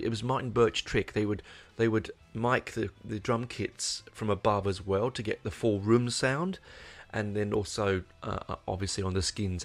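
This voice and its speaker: Guy going on about an old record, gravelly low voice, swears a lot. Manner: rambling, sweary, enthusiastic with restarts. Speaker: album reviewer. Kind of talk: casual spoken album review.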